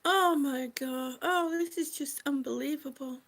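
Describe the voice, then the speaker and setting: A woman's voice: sits high, measured pace, a bit bright. A woman hosting a casual livestream, teary and holding back tears, gushing with repeated exclamations as she reads viewers' comments. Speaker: livestream host.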